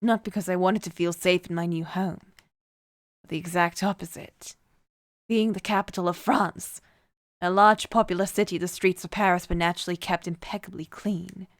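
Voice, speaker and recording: A woman reading a cold, calm young man who craves violence, in an even, measured voice while reading a game aloud. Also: on the low side, no echo, studio quality, lightly acted.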